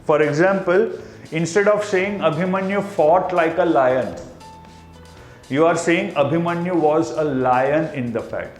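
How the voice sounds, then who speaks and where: A man with an Indian accent teaching a class, explaining slowly and repeating key terms. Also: fairly high pitch, reverberant, soft background music. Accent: Indian English. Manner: explains slowly with repetition, mixing in Hindi asides. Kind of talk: classroom lecture.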